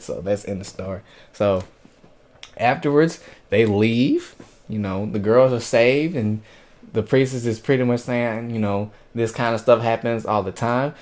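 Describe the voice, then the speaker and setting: A man casually recapping an anime episode, retelling scenes in an animated way with quoted lines and sound effects. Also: mid-range voice, normal speed. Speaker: anime reviewer.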